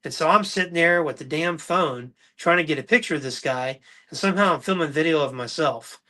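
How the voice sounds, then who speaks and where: A man hosting a casual livestream talk show, telling stories with lively, acted-out quotes. His voice sits a little high and sounds bright and forceful. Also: a little fast. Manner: animated anecdotal storyteller, acts out quotes. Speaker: podcast host.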